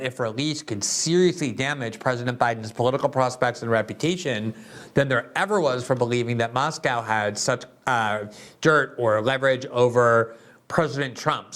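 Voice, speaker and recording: A man's voice: medium pitch, a bit bright. Sarcastic male political show host. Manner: sarcastic, mocking. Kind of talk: political commentary monologue.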